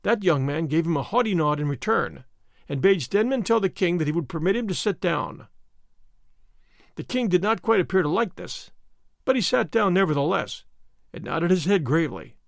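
A man narrating an adventure audiobook in a measured, expressive storytelling manner. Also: a little high, creaky, dry recording, clean studio sound.

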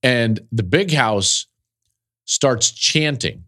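Speaking very slowly in an expressive mid-range voice that sounds pushed and bright, a middle-aged man tells an emotional story on his football podcast. He's a college football analyst and host, and his earnest telling grows more intense as it goes.

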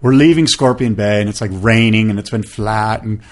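A man's voice: on the low side, moderate pace. A man in his fifties hosting a podcast, telling a story in casual chat and acting out what people said. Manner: animated, acts out quoted voices, many fillers. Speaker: podcast host.

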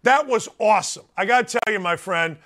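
A man hosting a sports talk show, brash and excitable, often raising his voice for emphasis. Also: high voice, fairly quick. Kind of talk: loud casual sports talk.

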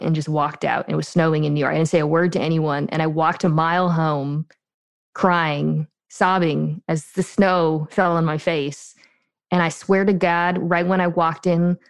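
A woman podcaster telling a personal story in a quick, chatty way with fillers. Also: sits low, no room sound. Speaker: podcast guest and host. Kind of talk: casual storytelling.

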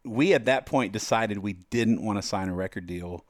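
A lowish-voiced man guesting on a podcast as a musician tells lively stories, slipping into the voices of those he quotes. His pace is normal, and the studio-quality audio has no echo.

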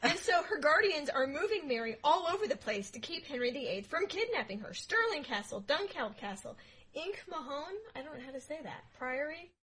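A woman co-hosting a casual history podcast, telling the story playfully with jokes and loud asides. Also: high voice, sing-song, a little fast, poor audio. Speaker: podcast co-host.

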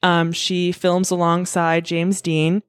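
A woman's voice: fairly low pitch, little pitch movement, slow, clear, resonant tone, no echo, studio quality. A woman hosting a podcast, telling a story in a chatty way, full of fillers and swearing freely. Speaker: podcast host. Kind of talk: casual storytelling.

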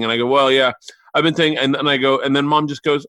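A comedian telling rapid, profane family stories on a podcast and acting out his relatives' voices. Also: mid-range voice, fairly even intonation, sharp tone, no room sound. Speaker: comedian guest. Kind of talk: animated storytelling on a podcast. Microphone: remote call mic.

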